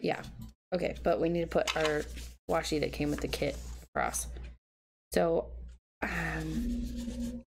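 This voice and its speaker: A woman in her thirties from the United States with a low, gravelly voice chats her way through decorating a planner, half talking to herself with a dry, sarcastic edge. A steady hiss of noise sits under the recording. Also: takes it slowly, pauses often. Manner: chatty, self-talking, mildly sarcastic. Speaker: planner vlogger. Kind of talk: casual plan-with-me narration. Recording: noisy home recording.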